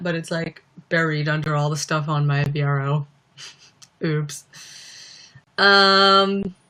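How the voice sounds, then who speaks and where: A woman's voice: lowish voice, bright, forceful tone, clean tone. A young woman chatting casually on a livestream from home, giggling a lot and rambling with plenty of "like". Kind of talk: casual live-stream chat.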